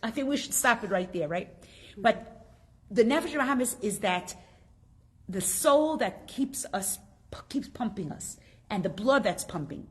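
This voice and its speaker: A woman teaching a class, telling a story and asking her students questions in a lively way. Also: medium pitch, unhurried.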